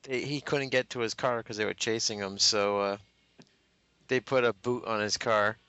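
Low bright-edged guy, joking around. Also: fairly even intonation, normal speed, smooth, no room sound. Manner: loose, joking, filler-heavy. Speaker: friend watching a movie. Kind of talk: casual chat with laughs. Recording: dull lo-fi home recording.

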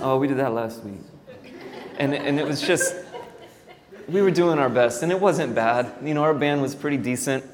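A man in his thirties, a worship pastor, telling his story casually to a church audience with many fillers and self-deprecating asides. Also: medium pitch. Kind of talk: church talk. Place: church hall. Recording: hall reverb, faint ambient noise.

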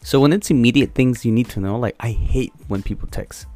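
A man co-hosting a podcast, talking in a blunt, profane, animated way. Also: medium pitch, brisk, faint music behind. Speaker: podcast co-host. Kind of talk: casual chat.

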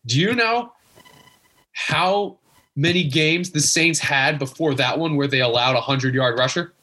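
A young man with a husky, bright-edged voice rants as a guest fan in a casual chat. He sounds exasperated and emphatic and circles back to the same points. His voice sits a little above the usual male range. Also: a little high, a little slow. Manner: exasperated, emphatic, repeats himself. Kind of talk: casual rant.

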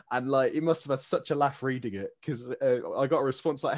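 A man's voice: medium pitch, fast talker, hardly any pauses. A young man, a podcast guest talking enthusiastically, with frequent laughter and fillers. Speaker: guest, jousting performer. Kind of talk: casual chat.

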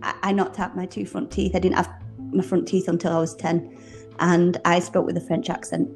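A woman's voice: lowish voice, level tone, normal speed, vocal fry, over music. A woman with a British accent co-hosting a casual podcast, playful and self-mocking. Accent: British English. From United Kingdom. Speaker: podcast co-host.

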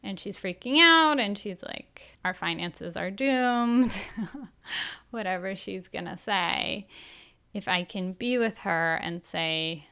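Slow-talking woman with vocal fry. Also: mid-range voice, animated, sharp tone. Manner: candid and self-reflective. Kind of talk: personal reflective monologue.

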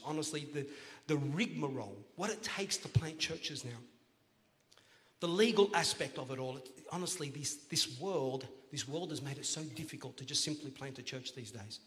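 A man preaching a sermon as pastor, playful and joking, then rising to loud, emphatic calls to the congregation. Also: a little high. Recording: long church hall reverb.

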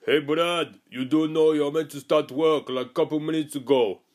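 A man's voice: on the high side, steady tone, normal speed, darkish tone, pitched above the performer's own voice, lightly acted. A man putting on a stern mock-Russian manager. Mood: scolding. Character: male cruise ship manager, stern, mock Russian-sounding accent.

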